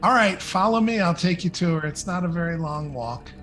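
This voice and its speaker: An eager little goblin servant who waddles ahead and talks obligingly, as a man puts him on. His voice sits raised and pushed a little louder, with faint music playing behind. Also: high voice, animated, fairly quick.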